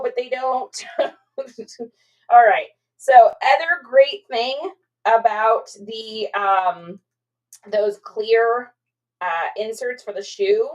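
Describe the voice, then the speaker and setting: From home, a woman hosts a casual livestream about her reselling work, rambling chattily with many fillers and reading viewer comments aloud. Her voice is fairly high, and the recording is rough.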